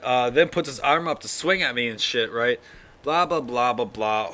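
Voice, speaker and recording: A man's voice: medium pitch, pushed and bright, a little hiss or hum. A man hosting his own podcast, talking casually and sleepily in a rambling, profane monologue. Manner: rambling, yawning, profane, full of fillers. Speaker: podcast host.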